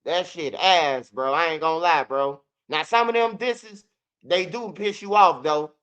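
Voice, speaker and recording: A man with a slightly high, fairly bright, smooth voice keeps a measured pace. Hosting a commentary channel, he gives casual street news commentary as a blunt, profane, rambling rant, repeating himself and ridiculing rap lyrics by rapping them.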